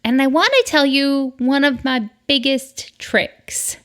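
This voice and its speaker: A woman's voice: high voice, takes it slowly, fairly bright tone. A middle-aged woman from the northern United States hosting a solo podcast, chatty and upbeat, with asides. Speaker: podcast host.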